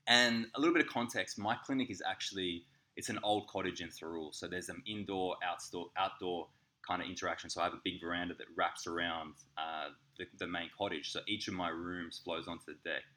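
Australian man, lowish voice, bright tone, animated storyteller, casual podcast chat. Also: a little fast. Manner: animated, laughing, swearing, acts out voices in anecdotes. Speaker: podcast co-host, acupuncturist.

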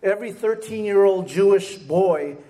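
A man hosts a relaxed talk and explains the pictures on screen as he goes. His voice is fairly high, with a soft and mellow tone. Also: moderate pace, roomy sound.

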